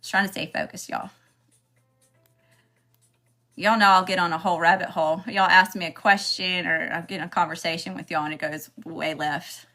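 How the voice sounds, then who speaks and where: A woman talks her way through a spiritual livestream in a relaxed, chatty way, calling out viewers by name and saying y'all. Her voice is bright and a little sharp. Soft music plays faintly behind her. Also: lowish voice, moderate pace. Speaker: spiritual reader hosting a livestream. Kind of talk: casual livestream chat.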